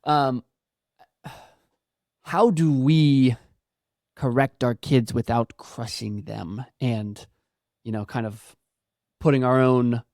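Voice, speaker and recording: A man co-hosts a casual parenting chat with a Christian focus, agreeing and reflecting thoughtfully. His voice is mellow and dark, recorded dry and close. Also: mid-range voice, dry recording. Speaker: podcast co-host.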